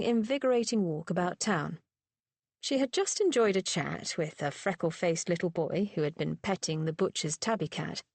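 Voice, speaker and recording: A woman reading a romance audiobook aloud in an expressive narration style, recorded on a close studio mic. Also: lowish voice, vocal fry, no echo. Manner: expressive, voices the characters. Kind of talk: scripted narration.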